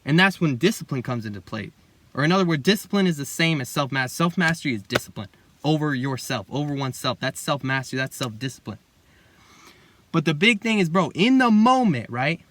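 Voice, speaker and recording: A young man delivers a casual motivational monologue in a loose, rambling way, full of slang and "bro". His voice sits a touch higher than most men's. The sound is dry and close, with no room echo. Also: expressive, brisk, fairly bright tone. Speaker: self-improvement video host.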